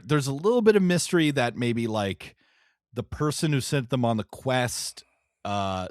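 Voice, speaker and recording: A man's voice: medium pitch, no room sound, studio quality. A man co-hosting a tabletop game podcast, chatting casually and joking, often chuckling as he rambles through his points. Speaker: podcast co-host, game master.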